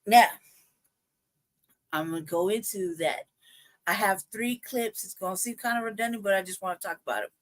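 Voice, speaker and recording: On her livestream, a woman launches into a heated, profane rant that keeps looping back on itself while she tries to calm down between outbursts. Her voice is medium-pitched and moderately paced, broken by long pauses.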